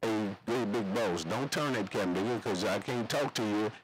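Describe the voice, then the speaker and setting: A man's voice: lowish voice, normal speed, faint music behind, poor audio. A man chatting over CB radio, rambling in slangy, repetitive radio lingo. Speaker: CB radio operator.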